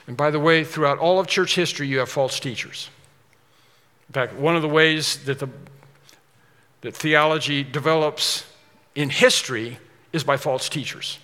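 A man's voice: a little high, normal speed, pushed and bright, in a large hall. A male pastor preaching an expository sermon in a church, emphatic and repeating key words for stress.

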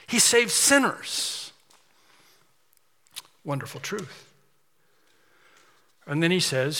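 A man's voice: a little high, sharp tone. A man preaching a sermon, emphatic and repetitive, building intensity as he drives points home. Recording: long hall reverb.

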